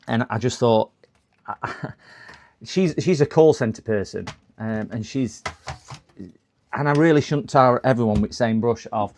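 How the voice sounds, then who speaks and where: A man's voice: mid-range voice, unhurried, long pauses, a little mellow, slight background noise. A middle-aged man hosting a casual live stream, chatting in a rambling way that often slides into exasperated rants. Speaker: livestream host.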